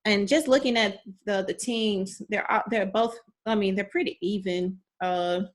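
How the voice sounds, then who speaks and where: A woman's voice: mid-range voice, fairly even intonation. A woman co-hosting a casual sports podcast, agreeing readily and adding short comments to her partner's points. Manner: agreeable, quick affirmations, laughs along. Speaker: podcast co-host.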